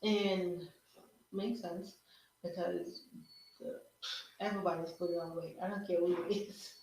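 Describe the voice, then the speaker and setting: Slow-talking woman in an echoey room. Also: fairly low pitch, steady tone, a little mellow, a little hiss or hum. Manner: reflective, asks rhetorical questions with frequent "right?". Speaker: podcast host. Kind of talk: casual solo talk.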